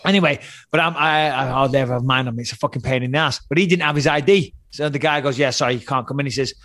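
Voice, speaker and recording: A man's voice: on the high side, fast talker, a bit bright, no room sound. A man and former fighter, swearing freely and laughing as he tells a story in a casual podcast chat. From England.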